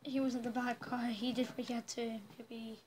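High-voiced woman rambling over gameplay. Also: flat delivery, moderate pace, darkish tone, slight background noise, low-quality recording. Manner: chatty, rambling, reacting aloud to the game. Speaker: gaming channel host. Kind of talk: casual let's-play commentary.

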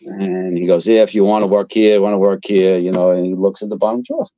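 A fast-talking older man with a low voice, a retired fire captain from Queens, New York, is an interview guest telling blunt, profane stories with lots of animation. The casual chat is recorded in dull lo-fi sound with no echo.

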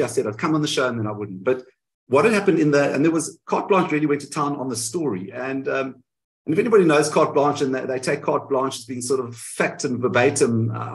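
A man in a candid interview, telling his side of events in an animated way and often correcting himself mid-sentence, heard over a video call. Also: mid-range voice, a little fast, low-quality recording. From South Africa. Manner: animated storytelling, frequent self-corrections. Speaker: guest.

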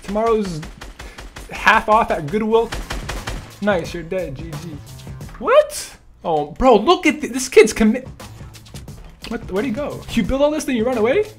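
A man's voice: sits high, lively intonation, moderate pace, long pauses, soft background music. A young man giving live gameplay commentary, joking, trash-talking opponents and laughing often. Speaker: gaming YouTuber.

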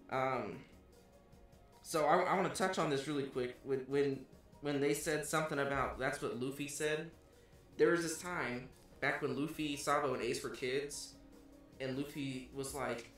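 Excitable swearing man recapping a manga. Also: mid-range voice, moderate pace, soft background music. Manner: excitable, swears freely, acts out quoted characters. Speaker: podcast co-host. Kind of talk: casual chat recapping a manga chapter. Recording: echoey room.

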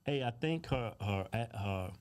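A man's voice: mid-range voice, expressive, takes it slowly, a little hiss or hum. A man co-hosting a casual talk show, giving blunt, profane opinions and cutting in on his partner. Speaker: co-host. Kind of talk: casual commentary.

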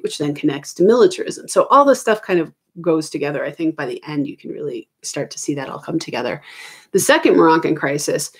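A middle-aged woman talks through a history exam review at home in a slightly low voice. She explains casually, stopping to correct herself and filling gaps with ums. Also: slightly rough. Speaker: history teacher. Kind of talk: recorded exam review lesson. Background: children arguing in the background.

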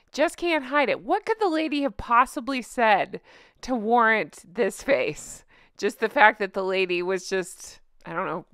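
A woman hosts her own commentary vlog in a bright, forward voice. She chats in a bubbly way and laughs often as she talks to her viewers. The sound is close and dry, with no room around it. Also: medium pitch, no room sound. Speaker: vlog host.

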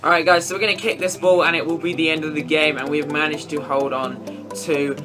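A young man giving excitable, sweary live commentary on a football video game, shouting at goals. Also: a little high, a little fast, over music. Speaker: gaming commentator.

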